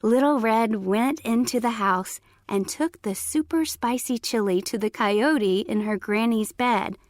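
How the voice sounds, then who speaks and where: Woman storyteller, unhurried read-aloud, dry close mic. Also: on the high side, no room sound.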